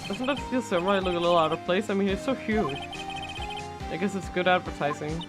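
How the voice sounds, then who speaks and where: A woman streamer reading a visual novel aloud in an expressive, playful way. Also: fairly low pitch, brisk. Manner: expressive, playful read-along. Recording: livestream with game music behind.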